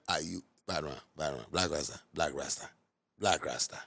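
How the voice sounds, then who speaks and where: Gravelly Ghanaian man on a heated rant. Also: rumbling low, moderate pace. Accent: Ghanaian Pidgin English. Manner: heated and scolding, with sudden loud outbursts; repetitive and mocking. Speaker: musician. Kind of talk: ranting monologue.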